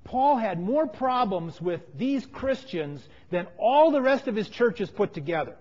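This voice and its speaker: A man preaching a sermon, telling a story from his teaching work with emphatic lines that fall to quiet phrases. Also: sits high, sing-song, measured pace. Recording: dull sound with long hall reverb.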